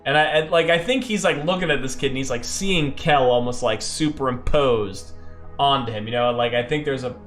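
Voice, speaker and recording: A man's voice: medium pitch, brisk, a bit bright, echoey room, soft background music. A man narrating his own solo tabletop game in a loose, rambling way, full of fillers.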